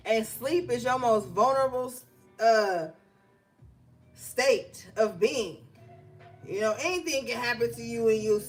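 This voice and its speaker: A woman doing a casual tarot reading, blunt and profane, telling stories between the cards she draws. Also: on the high side. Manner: blunt, profane, conversational with slang. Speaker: tarot reader.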